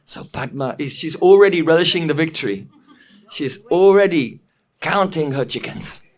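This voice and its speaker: A man's voice: a little high, animated, moderate pace, noisy background. A male teacher retelling a classical drama in a storytelling lesson, explaining as he goes and chuckling often.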